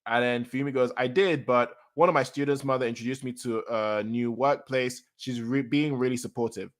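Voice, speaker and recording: A man's voice: mid-range voice, normal speed. A man reading a comic chapter aloud and reacting to it in casual chat, often repeating his reactions. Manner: reads lines aloud then reacts, repeating himself excitedly. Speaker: manga reaction host.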